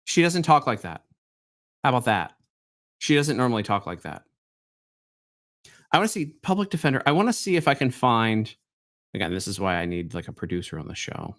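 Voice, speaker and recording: A man's voice: medium pitch, sing-song, brisk, fairly bright tone. A man hosting a live stream, reacting to clips in a rambling, incredulous way. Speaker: host.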